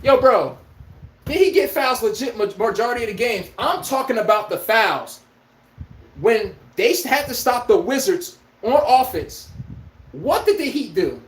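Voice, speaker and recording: Man ranting on his sports podcast, lively swooping pitch, echoey room, profane, rhetorical questions. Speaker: podcast host.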